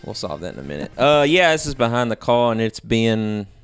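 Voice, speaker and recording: A man's voice: medium pitch, very animated, brisk, smooth, soft background music. A man co-hosting a podcast, chatting casually and rambling with many fillers. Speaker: podcast co-host.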